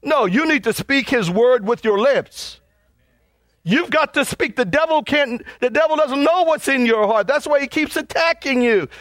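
A man's voice: very high voice, expressive, normal speed, a bit bright, no echo. A man preaching a sermon as pastor, urging his congregation with fervent, repeated calls.

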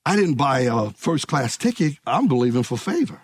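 Man, pastor, sermon, emphatic, very lively pitch, dry sound. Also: moderate pace, husky, no echo. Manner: emphatic preaching with rising calls to the congregation.

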